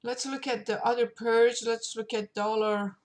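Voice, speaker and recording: A woman streaming her forex trades, thinking aloud as she clicks through charts, with many pauses and fillers. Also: a little high, fairly even intonation. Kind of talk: live screen-share trading commentary.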